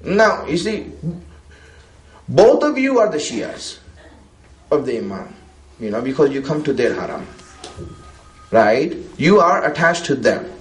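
Guy preaching to a crowd, high voice, chatty, keeps asking the room questions, lots of echo. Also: big pitch swings, measured pace, long pauses. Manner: conversational, many fillers, asks the listeners questions. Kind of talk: religious talk to a gathering. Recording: roomy echo.

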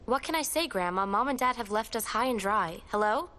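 A woman's voice: fairly high pitch, lively intonation, a little fast, noisy background, lightly acted. An actress voicing a bossy, worried young woman who takes charge of her siblings in a dubbed drama. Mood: urgent. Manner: firm, insistent, takes charge. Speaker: eldest sister calling a family meeting.

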